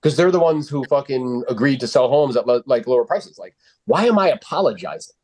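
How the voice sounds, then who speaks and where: A man's voice: medium pitch, expressive, a little fast, a little mellow. A man coaching real estate agents on sales calls, blunt and confident, swearing freely and using lots of fillers.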